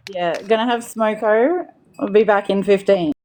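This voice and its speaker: A woman's voice: mid-range voice, normal speed, darkish tone. Australian woman, casual livestream chatter, teasing coach. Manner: laughs often, coaching others through phrases. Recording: livestream call audio.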